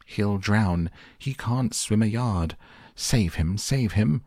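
A man voicing a fussy, hysterical middle-aged mother in a storybook reading, with a shrill, nagging delivery. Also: unhurried, darkish tone, breathy edge, no echo, clean studio sound. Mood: shrieking.

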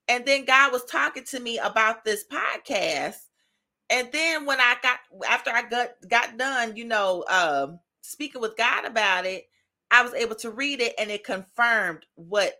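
A woman's voice: fairly high pitch, bright, forceful tone. A woman hosting a faith podcast, giving an encouraging devotional talk in a chatty style, laughing often and asking "right?".

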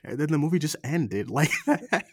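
Animated swearing male podcast co-host. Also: a little high, normal speed, slightly rough, no echo, clean studio sound. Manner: animated, swearing, mimics movie lines with laughter. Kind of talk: casual chat.

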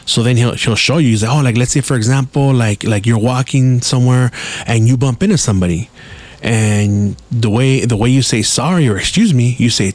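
A man spins a loose, casual story for his podcast. He swears freely and drops Spanish slang into his sentences. His voice sits at an ordinary middle pitch. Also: fairly quick, darkish tone, no echo. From Mexican-American. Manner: profane, slangy, mixes in Spanish words. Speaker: podcast host.

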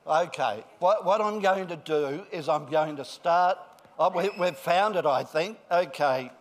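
A middle-aged male pastor giving a friendly children's talk, then a deliberate sermon. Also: a little high.

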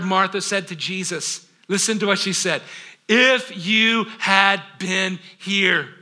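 A man preaching a sermon, asking rhetorical questions and acting out scripture with dramatic pauses and sudden hushed drops. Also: high voice. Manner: rhetorical questions, acts out biblical quotes. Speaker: pastor.

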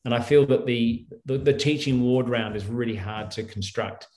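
A man's voice: medium pitch, moderate pace, darkish tone, echoey room. A middle-aged man, a guest doctor, telling stories in a rambling, restarting way in a casual interview. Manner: rambling, with many restarts and fillers.

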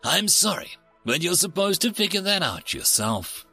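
A man voicing Death, calm and solemn. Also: sits high, breathy edge, soft background music, exaggerated voice. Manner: measured, patient, gently apologetic. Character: Death, calm solemn reaper of all beings.

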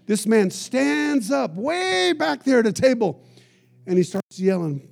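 A male pastor preaching a sermon, telling lively stories and breaking in with shouts of praise. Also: very high voice, unhurried, vocal fry. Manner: energetic storytelling preacher with shouted praise interjections.

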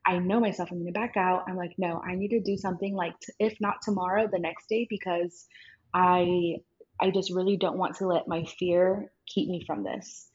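A woman guest telling a personal story in casual chat, animated and acting out quoted lines. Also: on the low side, moderate pace, husky, muffled recording. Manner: animated, acts out her own and others' lines in quotes, many fillers of "like". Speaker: podcast guest.

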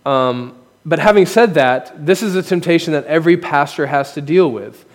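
A man preaching from the pulpit, speaking frankly and poking fun at himself as he builds his points. His voice sits a little higher than most men's, and it rings out through a church hall with a long reverb tail. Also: normal speed. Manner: candid, self-deprecating preaching with rising emphasis. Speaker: pastor. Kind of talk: sermon. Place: church sanctuary. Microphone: podium microphone.

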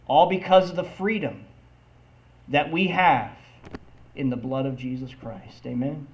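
A man preaching a sermon, reading scripture aloud and asking the congregation "Amen?" between slow, emphatic lines. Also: mid-range voice.

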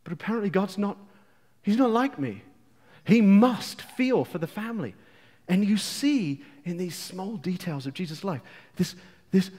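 Preaching with passion in a big-room sound, this English man has a high voice with a breathy edge. His sermon swings between hushed phrases and loud outbursts, with playful asides to the congregation.

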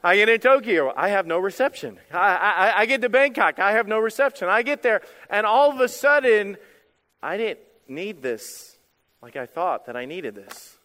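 A male pastor preaching a sermon in an animated, emphatic way, repeating phrases for effect. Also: high-pitched, normal speed, big-room sound.

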